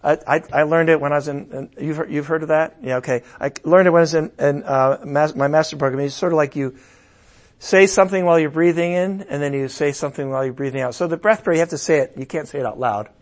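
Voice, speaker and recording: A middle-aged man giving a sermon, his voice a touch higher than most men's. He talks in a loose, conversational way, then raises his voice for loud emphatic bursts. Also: quick pace. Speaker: pastor.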